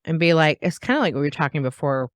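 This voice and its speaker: A woman hosting a podcast in casual conversation, animated, laughing often and acting out what others say. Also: sits low, fast, no echo. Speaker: podcast host.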